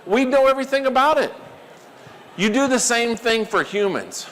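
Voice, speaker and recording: A man giving a live workshop talk, animated and quizzing the audience. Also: very high-pitched, normal speed, long reverb tail, slight background noise. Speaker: workshop presenter.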